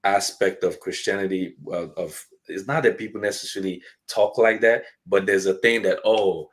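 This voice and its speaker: A man talks in a casual faith-based podcast chat, his voice sitting on the low side. He is animated and slips into acted-out quotes of other people as he goes. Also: moderate pace. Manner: animated, acts out quoted dialogue.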